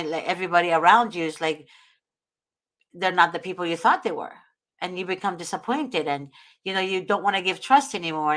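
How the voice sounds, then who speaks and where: A woman's voice: on the low side, fairly bright tone. A woman hosting a talk show, giving earnest, preachy advice and repeating her points. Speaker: host.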